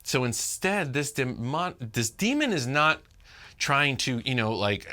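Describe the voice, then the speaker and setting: A man preaching a sermon as pastor, animated and talking directly to his congregation. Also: medium pitch, measured pace. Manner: animated, talks to the congregation, acts out quotes.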